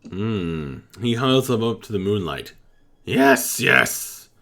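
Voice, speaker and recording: Male game master, low voice, slow narration with plenty of fillers. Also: big pitch swings.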